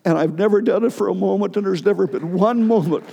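Gravelly pastor preaching in a reverberant hall. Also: male voice, sits high, mellow, a little hiss or hum. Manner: storytelling, emotional, with halting restarts. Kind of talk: sermon.

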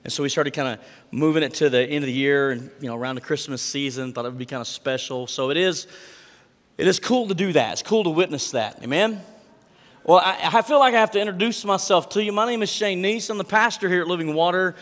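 A male pastor delivers a sermon in a church, his voice sitting a little higher than most men's. He talks in a chatty, animated way, tossing quick asides to the congregation, and a long reverb from the hall trails each phrase. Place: church sanctuary.

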